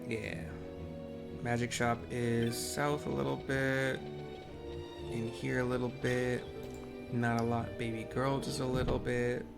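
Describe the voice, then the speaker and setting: A man's voice: medium pitch, level tone, takes it slowly, gravelly, pauses often. A man giving casual, rambling commentary on a game he is playing, full of fillers. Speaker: game streamer. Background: game music.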